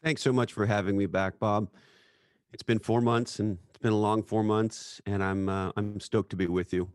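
A man's voice: fairly low pitch, steady tone, normal speed, a little mellow, no echo, clean studio sound. A middle-aged man speaking as a podcast guest, telling personal stories in an earnest, reflective way. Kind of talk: casual chat.

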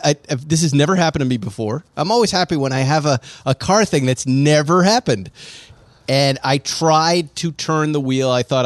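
A man's voice: mid-range voice, dry recording. Guy telling a car story, casual, dry mic. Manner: animated storytelling, acts out quotes. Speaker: podcast host. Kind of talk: casual chat. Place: Los Angeles area.

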